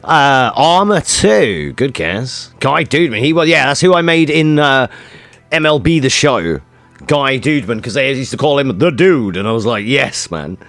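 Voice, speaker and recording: A man's voice: mid-range voice, lively intonation, normal speed, a bit bright, no echo, soft background music. A male streamer chatting casually with his viewers, joking around and swearing a lot. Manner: joking, swearing, reacting to chat. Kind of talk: casual live-stream chat.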